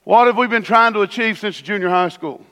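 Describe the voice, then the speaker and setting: A man's voice: high voice, a little fast, pushed and bright. A man preaching a sermon as pastor in a church, conversational with sudden emphatic bursts. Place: church sanctuary. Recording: long hall reverb.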